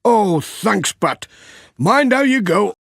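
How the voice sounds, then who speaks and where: A man's voice: sits high, big pitch swings, slow, gravelly, fairly bright tone, breathy edge, dry recording, studio quality, voice pushed up, full character voice. A man reading aloud and voicing a friendly grocer who runs a mobile shop.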